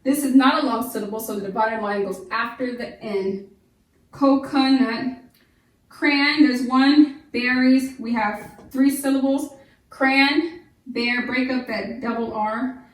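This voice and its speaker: Woman, phonics teacher, fairly high voice, slow sounded-out syllables, echoey room, a bit off-mic. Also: far from the mic. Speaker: homeschool teacher. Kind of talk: phonics lesson.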